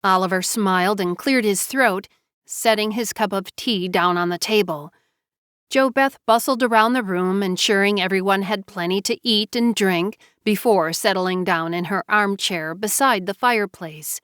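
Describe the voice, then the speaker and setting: A woman narrating a novel with even, unhurried storytelling. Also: medium pitch, clear, resonant tone, no echo, studio quality. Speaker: audiobook narrator. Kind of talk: scripted narration.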